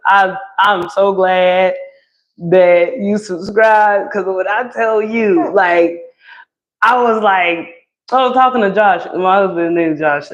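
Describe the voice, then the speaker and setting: A woman's voice: medium pitch, lo-fi sound. A woman hosting a casual live stream from home, chatting with her viewers and her baby and laughing often. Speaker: livestream host.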